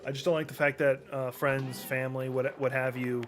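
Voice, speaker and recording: Relaxed man chatting over a game stream. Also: medium pitch, a little fast, noisy background. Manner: relaxed, talks to chat while playing. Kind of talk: casual chat while gaming.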